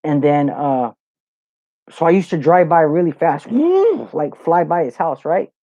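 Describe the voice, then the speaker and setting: Measured and warm, this man's slightly high, steady voice carries a loose, profane live Q&A where he reads viewer comments and spins stories, saying "you know" often. The recording is dull lo-fi and dry, with no room sound.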